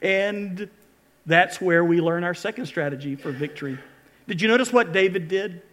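A male pastor with a notably high voice preaches to his congregation. He tells scripture stories in an animated way and leans hard on the key moments. His delivery sounds like a live church sermon. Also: normal speed. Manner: animated storytelling, retelling scripture with lively emphasis. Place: church service before a congregation.

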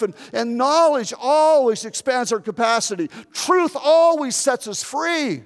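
A man's voice: very high-pitched, expressive, unhurried, gravelly, few pauses, in a large hall. A man in his seventies preaching a sermon as pastor, earnest and often repeating and restarting his words. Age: 70s. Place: church.

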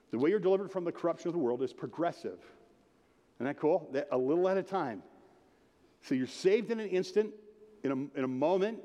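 A man's voice: a little high, mellow. A man preaching a sermon as pastor, casual and jokey, talking straight to the congregation. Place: church. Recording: long hall reverb.

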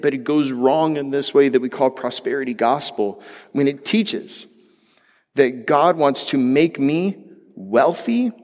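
A man preaching a sermon in a conversational way, mixing jokes with emphatic, rising passages. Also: mid-range voice. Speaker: pastor. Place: church hall. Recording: long hall reverb.

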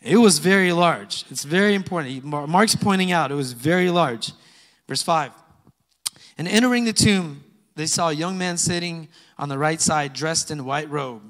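A man with a fairly high voice preaches in a church sanctuary. He reads scripture with loud emphasis, then drops into soft, chatty asides. A long reverb trails each phrase. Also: normal speed. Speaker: pastor. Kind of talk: sermon.

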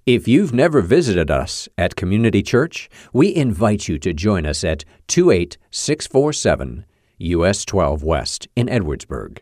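A man's voice: low voice, big pitch swings, measured pace, darkish tone, no room sound, studio quality. A man reading a formal scripted introduction to a sermon as announcer.

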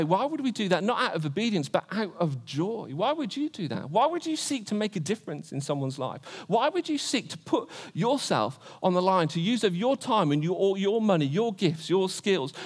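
A man in his twenties preaching a sermon, earnest, asking rhetorical questions again and again. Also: high voice. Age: 20s.

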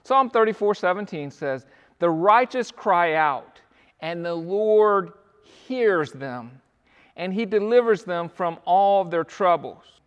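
A man's voice: high-pitched, expressive, slow pace, fairly bright tone, clear, resonant tone, dull audio. A male pastor preaching a sermon, telling stories with acted quotes in an earnest, pleading manner. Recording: long hall reverb.

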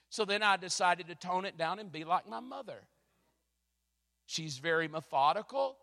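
A middle-aged male pastor preaching in a church, telling stories with animated, self-mocking energy. His voice sits high and bright. A long reverb from the sanctuary trails his words. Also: normal speed, creaky. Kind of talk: sermon.

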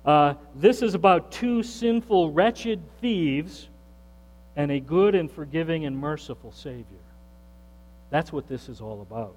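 Slow, high-voiced preacher in a reverberant hall. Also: male voice, expressive. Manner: emphatic preacher, repeats phrases, asks the congregation questions. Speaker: pastor. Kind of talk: sermon. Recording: reverberant hall with faint mains hum.

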